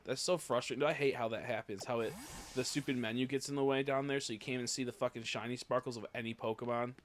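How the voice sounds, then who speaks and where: A young man streaming a video game in casual chat, swearing a lot and swinging from low mumbles to loud frustrated outbursts. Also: fairly even intonation, fast, a little hiss or hum. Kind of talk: casual gaming livestream chat.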